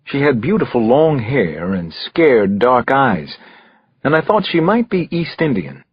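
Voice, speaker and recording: Expressive male thriller narrator. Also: medium pitch, unhurried, breathy edge, no echo, dull audio. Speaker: audiobook narrator.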